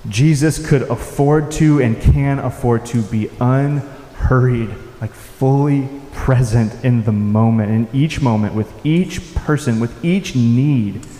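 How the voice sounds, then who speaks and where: Mellow-voiced pastor in an echoey hall. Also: male voice, medium pitch. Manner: unhurried, reflective, with soft-spoken quoted lines. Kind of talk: sermon. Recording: echoey hall with faint ambience.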